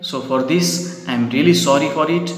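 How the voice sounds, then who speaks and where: Teacher doing a weak humble wounded guy, fairly high voice, long echo. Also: normal speed, natural voice. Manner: humble, polite apology. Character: weak wounded humble stranger, adult man. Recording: echoey room with long reverb.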